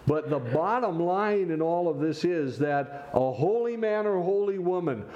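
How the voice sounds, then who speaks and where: A man's voice: sits high, lively intonation, unhurried, highs cut off. A man preaching a sermon, explaining scripture with rhetorical questions and wry asides. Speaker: pastor.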